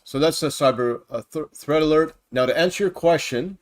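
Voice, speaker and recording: A man's voice: fairly high pitch, brisk. A man talks casually into his computer microphone at home, hosting a Christian livestream. His delivery is chatty and wandering, with plenty of asides. He greets his viewers by name as he reads through news on his screen. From Canada.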